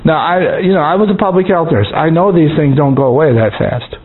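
A man preaching an informal sermon in a conversational way, repeating words and reading scripture verses slowly. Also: on the high side. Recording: tinny phone-like sound with faint hiss.

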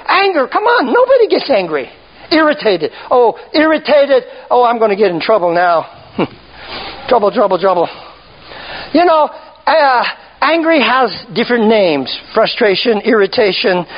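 A man's voice: high voice, animated, measured pace. A man preaching a sermon in a teasing, emphatic call-and-response style, often asking the congregation "huh?". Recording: dull lo-fi church recording.

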